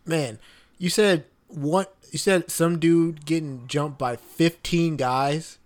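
A man's voice: on the high side, steady tone, slow. Laid-back man chiming in on chat. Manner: reacts with laughs and short profane remarks. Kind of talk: casual chat.

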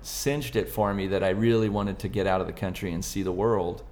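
A man's voice: deep voice, steady tone, a little fast, darkish tone. A middle-aged man from Southern California, chatting as a podcast guest in a playful, jokey storytelling manner. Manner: playful, jokey storyteller who slips into silly old-man voices. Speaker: podcast guest, ukulele performer. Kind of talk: casual chat.

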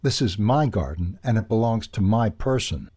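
Calm, haughty male dog, measured lines, low husky voice, read by a man. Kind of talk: storybook reading.

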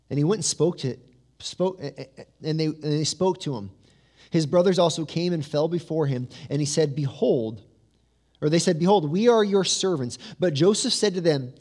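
A man preaching a sermon as pastor, telling the story with lively asides and humor, then dropping to a soft, low voice for weight. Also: moderate pace. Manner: drops to a soft, low voice for emphasis.

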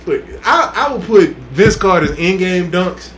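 A man on a podcast, telling excited sports stories in casual chat, acting out quotes and laughing loudly. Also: sits high, a little slow. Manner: excitable storytelling, loud laughs and acted quotes. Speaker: podcast co-host. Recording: echoey room with faint hiss.

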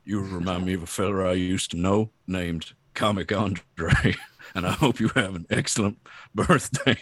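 A man doing an impression of a grown outlaw cowboy from a video game, in a low husky drawl, during podcast banter. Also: normal speed, no room sound. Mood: warm.

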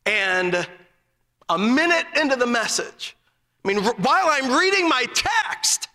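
A man preaching a fervent, story-filled sermon in a strikingly high, piercingly bright voice. Every so often he rises into an emphatic shout, and a long hall reverb trails behind each phrase. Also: big pitch swings, measured pace.

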